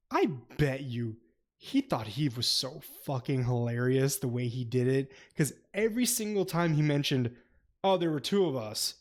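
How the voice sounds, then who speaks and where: A man co-hosting a casual book club podcast, laughing often and swearing as he retells scenes in animated fashion. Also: mid-range voice. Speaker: podcast co-host.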